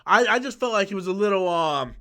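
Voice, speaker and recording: An excitable man hosts a live-stream chat, his voice pitched high and tense. He swears freely and hums movie sound effects between thoughts. He talks from a small room under studio lights. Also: brisk, clear, resonant tone. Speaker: YouTube host.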